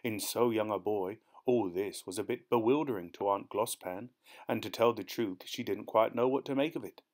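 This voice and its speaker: A man narrating an audiobook in a measured storytelling manner. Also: fairly low pitch, darkish tone.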